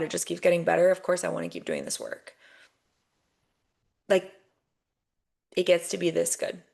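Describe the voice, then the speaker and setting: A woman's voice: on the low side, vocal fry. A young adult woman hosting a podcast, giving an emphatic motivational monologue that swears freely and repeats phrases for punch. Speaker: podcast host.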